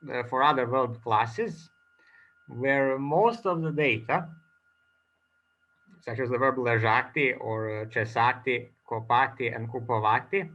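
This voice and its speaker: A man giving an academic conference talk as a presenter, speaking haltingly with many filler pauses. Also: mid-range voice, a bit bright, highs cut off.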